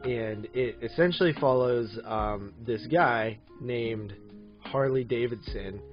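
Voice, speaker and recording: A man's voice: mid-range voice, takes it slowly, muffled recording, faint music behind. A man in his thirties co-hosting a casual movie podcast, rambling with lots of fillers and easy laughs. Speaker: podcast co-host.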